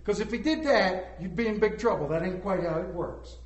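A man preaching to a room of listeners in a folksy, joking storytelling style, dropping to a hush and rising again. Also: high voice, fairly quick. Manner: joking storyteller, swings between loud and hushed. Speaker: preacher speaking to a congregation. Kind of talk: folksy sermon. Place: large hall with an audience. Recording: roomy echoing hall.

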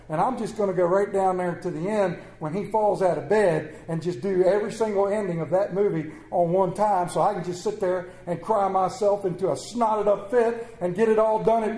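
A man preaching a sermon to a congregation, swinging between loud emphatic phrases and hushed low lines, repeating phrases to build his point. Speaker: pastor. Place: church sanctuary with congregation. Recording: echoey church room.

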